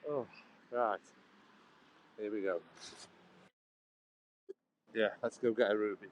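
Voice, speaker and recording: A man's voice: on the low side, steady tone, slow pace, muffled recording, slight background noise. A man chatting casually on a walking vlog, rambling and restarting his sentences, filming on a handheld phone outdoors and then inside a coffee shop. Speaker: vlogger.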